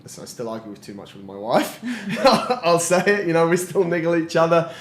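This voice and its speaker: A man in his forties, appearing as a podcast guest, tells reflective stories and laughs often in a casual interview chat. His voice is fairly high and animated, a little fast, with slight hiss or hum and a roomy echo.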